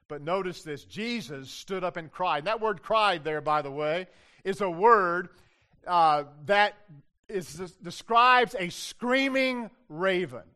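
An older man, a pastor preaching a sermon in a loud, emphatic way and putting questions to the congregation. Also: very high-pitched.

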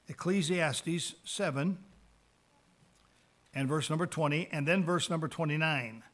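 A man teaching a Bible lesson on evangelism, reading verses aloud slowly and then explaining them in plain words, often repeating words for emphasis. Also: high voice, a bit bright.

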